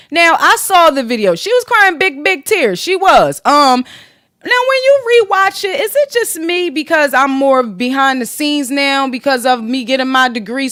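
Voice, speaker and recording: Sassy, high, lively woman podcaster. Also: no echo, studio quality. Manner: sassy, profane, animated, reads posts aloud with reactions. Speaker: podcast host. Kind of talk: casual celebrity gossip commentary.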